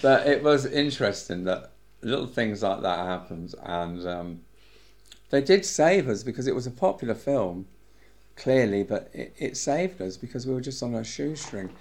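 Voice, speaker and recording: A man's voice: mid-range voice, moderate pace. An older Englishman telling chatty stories in a casual interview, his words slurred from medication. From England. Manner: lively, chatty storyteller. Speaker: interviewee, former cinema manager. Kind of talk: casual anecdotal storytelling.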